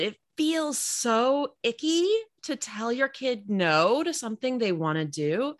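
A woman of middle pitch chats freely, her voice rising and falling widely as she acts out little quotes. The sound is close and dry. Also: no room sound. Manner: expressive, quotes herself and others, laughs. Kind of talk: casual chat.

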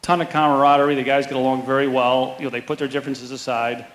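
Give me a quick, self-mocking man telling a caddie story in an echoey room. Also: medium pitch. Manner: animated anecdote teller, quick and self-mocking. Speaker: tour caddie. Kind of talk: storytelling interview guest.

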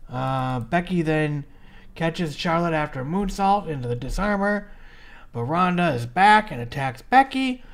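A man's voice: fairly high pitch, animated, gravelly. A man co-hosting a casual podcast, recapping a wrestling match in a blunt play-by-play way. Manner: blunt, rapid play-by-play narration. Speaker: podcast co-host.

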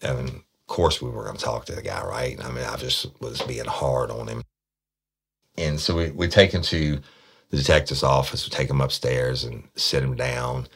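Guy w a super low voice telling an old cop story, swears a lot, gets loud quoting folks. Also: moderate pace, vocal fry, breathy edge. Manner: blunt, profane, animated when quoting people. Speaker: podcast storyteller, former detective. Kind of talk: casual spoken true-crime storytelling.

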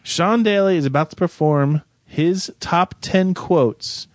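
A man's voice: sits high, slow pace, no room sound. Chatty man hosting, dry studio sound. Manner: rambling, self-correcting, jokey. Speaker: podcast host. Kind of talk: casual chat.

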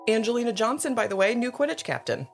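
A woman co-hosting a podcast, chatting casually about a book, animated and quick to laugh and swear. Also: fairly high pitch, faint music behind. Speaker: podcast co-host. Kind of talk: casual chat recapping a book.

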